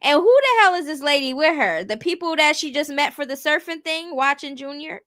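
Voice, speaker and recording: Animated and high-voiced, she talks a little fast with a slightly bright tone and no echo. As host of casual commentary she's blunt and rhetorical, often asking her viewers "you get what I'm saying".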